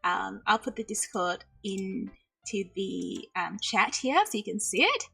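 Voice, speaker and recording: A woman's voice: mid-range voice, unhurried, creaky, sharp tone, husky, faint music behind. Bubbly, giggly woman streamer. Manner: bubbly, giggly, slips in Japanese phrases. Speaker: VTuber streamer. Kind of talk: casual livestream chat.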